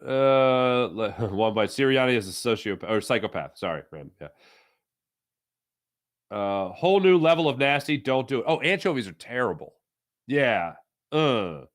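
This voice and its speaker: A male show host chatting casually on a live stream, reading out viewer comments. He rants in a playful, opinionated way, full of fillers and restarts, at an ordinary middle pitch. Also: sing-song, normal speed.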